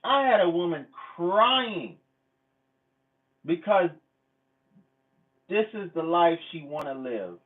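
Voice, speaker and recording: A man rants to his viewers in a raised, high-pitched voice, blunt and swearing freely. He drives his points home by repeating them. The sound is narrow and tinny, like a phone line. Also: big pitch swings, slow, long pauses. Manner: blunt, profane, repetitive. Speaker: channel host. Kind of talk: casual vlog rant.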